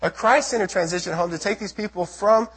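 A man from the United States giving an earnest testimony sermon to a church as a missionary speaker, telling his story with a husky voice. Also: high-pitched, fairly quick, a bit bright. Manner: earnest storytelling, acts out his own prayers and quotes.

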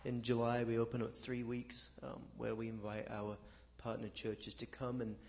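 A man's voice: medium pitch, completely flat delivery, normal speed, creaky, darkish tone, slight background noise. A man on a church panel, plainly explaining a ministry's work with frequent fillers. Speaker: ministry representative.

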